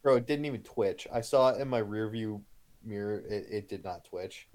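A man's voice: on the low side, moderate pace, a little mellow. A man co-hosting a podcast, telling a story in casual chat with lots of swearing and bragging. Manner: profane, boastful storytelling.

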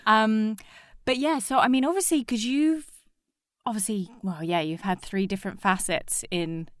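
A young woman in casual chat, telling a story with animated acted-out quotes. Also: medium pitch, moderate pace, dry recording, studio quality.

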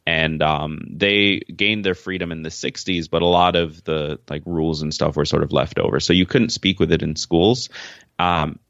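Very deep-voiced man from Jamaica. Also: fairly even intonation, moderate pace, creaky, a bit bright, dry recording, highs cut off. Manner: frank, easygoing explanations. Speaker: podcast guest. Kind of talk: casual interview answers.

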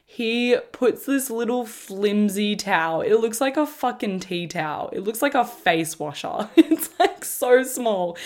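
A woman, telling a story on her podcast in a casual, animated way, swearing freely and laughing as she goes. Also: fairly low pitch. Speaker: podcast host.

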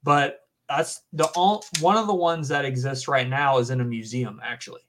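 A young man in his twenties with a Southern US accent chats casually on a podcast. He rambles, fills gaps with um, and calls people dude and man, in a mid-pitched voice. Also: steady tone, normal speed, fairly bright tone, a little hiss or hum. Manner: rambling, filler-heavy, says dude and man. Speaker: podcast guest. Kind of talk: casual chat.

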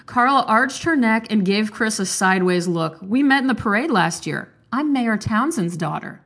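A young woman chatting casually, then reading a children's book aloud and lifting her pitch for the characters' lines. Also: lively intonation, moderate pace, fairly bright tone. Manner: chatty, playful, voices characters with pitch lifts. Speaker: book reader and commentator.

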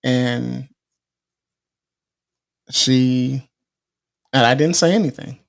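Slow, gravelly man giving life advice. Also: medium pitch, fairly bright tone. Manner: earnest, preachy, repeats himself and restarts phrases. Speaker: podcast host. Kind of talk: casual motivational talk.

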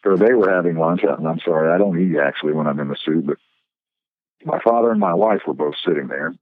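A middle-aged man who works as a professional Santa Claus, telling stories in a relaxed, chatty way. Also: rumbling low, fast talker, dry recording. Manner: relaxed storyteller, acts out voices in his tales. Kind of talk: casual podcast storytelling. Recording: thin phone-like line.

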